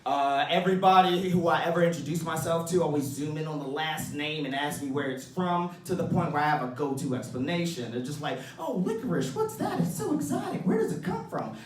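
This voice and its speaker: A young man from Baltimore performing a stand-up comedy set, animated, swinging between low asides and loud shouted bits. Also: roomy sound, recorded from a distance, slight background noise. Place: comedy bar stage.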